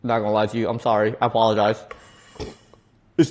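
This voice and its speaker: A man's voice: lowish voice, level tone, brisk, long pauses, darkish tone. A man, chatting casually on a cooking livestream, laughing often and restarting his words as he reads chat. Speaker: streamer reading chat.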